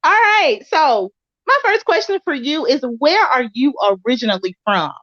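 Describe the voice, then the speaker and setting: A woman's voice: sits high, big pitch swings, moderate pace, a bit bright, no room sound. A woman playing a prim Memphis interviewer. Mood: polite. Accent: Memphis Southern US. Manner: prim, apologetic, patient. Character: polite Southern woman interviewer. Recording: dull lo-fi recording.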